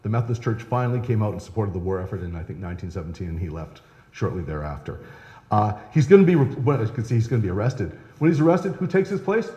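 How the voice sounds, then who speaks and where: A man's voice: fairly low pitch, big pitch swings, fast, mellow. A male historian giving a live lecture, chatty and conversational, often checking in with "right?". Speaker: historian giving a public talk. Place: historical society lecture room. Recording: echoey hall, long reverb.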